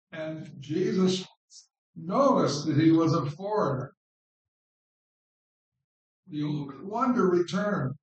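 A man preaching an informal sermon on scripture in an unhurried, conversational way, repeating words for stress. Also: on the high side, lo-fi sound. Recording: very echoey room, distant mic.

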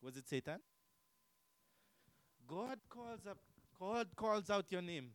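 A man preaching with a fairly high voice, full of rhetorical questions and repeated lines. He swings from loud declarations to quiet asides, recorded close and dry with no room sound. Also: expressive, slow, no echo, rough recording. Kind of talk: sermon.

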